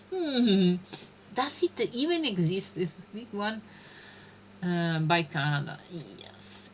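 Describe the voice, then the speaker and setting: Slow, bright-voiced woman streamer. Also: medium pitch, a little hiss or hum. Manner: thinking aloud, hesitant muttering. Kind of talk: live-stream gameplay commentary.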